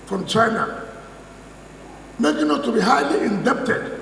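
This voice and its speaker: A Nigerian man delivers a forceful, mocking speech to a church gathering, firing off repeated rhetorical questions. His voice sits high and swings widely in pitch, with a gravelly edge. He is heard from a distance in a large hall with a long, echoing reverb. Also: animated, moderate pace, pauses often, a little hiss or hum. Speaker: politician addressing a church thanksgiving. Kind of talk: public speech. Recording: echoey hall, speaker far from mic.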